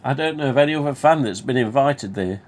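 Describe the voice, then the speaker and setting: A fast-talking man from England with a mid-range voice and a Nottingham accent hosts a live stream. He casually tells a rambling, sweary story, restarting as he goes.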